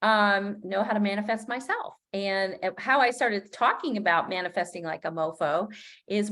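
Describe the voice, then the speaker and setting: A woman's voice: medium pitch, moderate pace, fairly bright tone. Upbeat middle-aged woman coaching live. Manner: chatty and upbeat, laughs at her own slips; loose and unscripted, with frequent fillers and restarts. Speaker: business coach. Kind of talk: live-streamed coaching talk.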